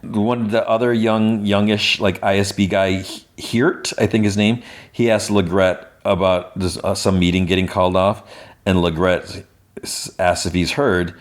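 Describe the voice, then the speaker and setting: A man's voice: deep voice, flat delivery, measured pace. A man hosting a podcast, casually recapping a TV episode, peppering his retelling with "like" and "he's like". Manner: retells scenes with lots of "like" and "he's like". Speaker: podcast host.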